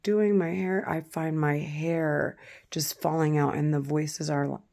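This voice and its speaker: Slow, low, gravelly-voiced woman. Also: fairly even intonation, darkish tone. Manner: halting, with frequent pauses and fillers. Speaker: vlogger. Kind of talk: casual to-camera talk.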